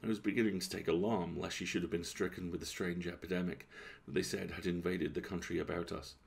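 A man reading a classic story aloud as a bedtime story, in a calm, measured, gravelly voice. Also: low voice.

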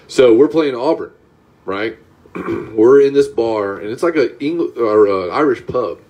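Laid-back podcast host from Georgia, casual chat, mid-pitched man. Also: expressive, a little slow, a little mellow, dull audio. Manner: laid-back, says "dude" and "right?" often.

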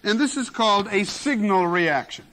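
A man's voice: sits high, animated, moderate pace, fairly bright tone. A man, possibly older, giving a classroom lecture on general semantics in an emphatic manner, repeating key words for effect, in a 1970s lecture recording.

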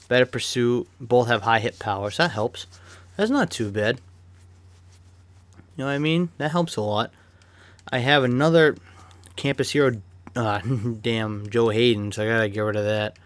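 A man's voice: mid-range voice, no room sound. Chatty young man commenting on gameplay. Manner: chatty, swears freely, flares up in sudden rants. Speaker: gaming YouTuber.

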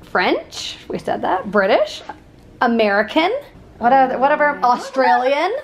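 A middle-aged mother hosts her family vlog in a high, bright voice. She chats casually with her kids and the viewers, laughing often. The talk is loose and unscripted, recorded indoors at night with faint noise behind. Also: very animated, measured pace. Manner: chatty, giggly, talks to viewers. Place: indoors at night while traveling.

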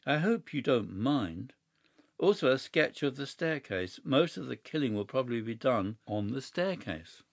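A man reading a story aloud, voicing a cool, mischievous young gentleman who speaks calmly and matter-of-factly. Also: mid-range voice, unhurried, vocal fry, dry recording, studio quality, heavily acted. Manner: calm, matter-of-fact, sly.

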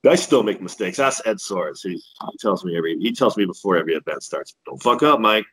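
A man's voice: deep voice, animated, fast talker, breathy edge, low-quality recording. A man who works as a ring announcer, telling stories in a laid-back, profane, self-deprecating way as a podcast guest. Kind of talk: casual podcast storytelling.

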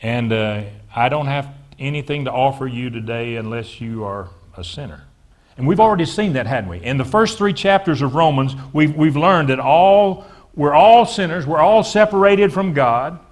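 A man's voice: a little high, expressive, moderate pace. A man preaching a sermon to his congregation, calling on them to answer back and often repeating words as he builds his points. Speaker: pastor. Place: church sanctuary.

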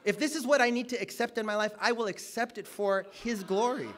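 A man preaching a sermon, telling a personal story, loud and emphatic at times, then dropping to low, quiet asides. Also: a little fast, hardly any pauses.

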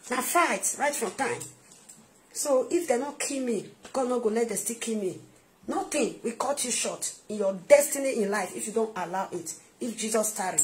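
In a sermon-style video message, a Nigerian-accented woman minister preaches emphatically, repeating points and shifting from soft asides to loud outbursts. Her pitch is fairly high, with a little hiss or hum in the audio.

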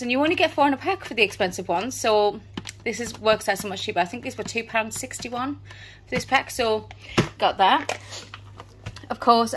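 A woman's voice: fairly high pitch, slight background noise. A British woman in her thirties, out of breath, chatting casually through a family shopping haul. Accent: British English. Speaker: family vlogger. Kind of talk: casual vlog chat.

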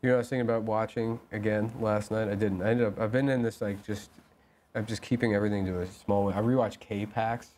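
A man co-hosting a comedy podcast, trading teasing, deadpan jabs in casual banter. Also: on the low side, quick pace, a little hiss or hum. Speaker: podcast co-host.

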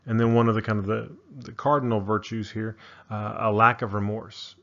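A man's voice: fairly low pitch, flat delivery, normal speed, a bit bright, dull audio. A man giving a casual narrated psychology lecture, thinking aloud with frequent ums and restarts. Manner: casual, many fillers and restarts.

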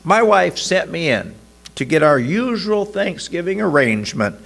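Man putting on an upbeat older husband, high and hearty, gravelly edge, slow storytelling. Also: big pitch swings, a bit bright, heavily acted. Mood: cheerful.

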